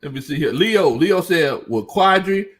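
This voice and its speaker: A man's voice: on the high side, expressive, moderate pace, fairly bright tone. A young man hosts a casual sports live stream. He reads chat comments aloud, laughs often and talks in loose, slangy fashion.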